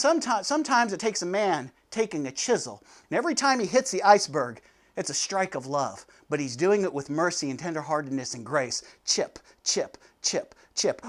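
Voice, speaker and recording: A man giving a devotional sermon, telling a story with sudden swings between loud and soft. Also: sits high. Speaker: pastor.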